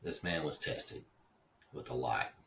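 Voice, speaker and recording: A man's voice: a bass voice, a little slow, creaky, pushed and bright, distant mic, a little hiss or hum. A man from Dallas, Texas, hosting a casual, rambling monologue, digressive and swearing casually. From Dallas, Texas (Oak Cliff). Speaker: podcast host.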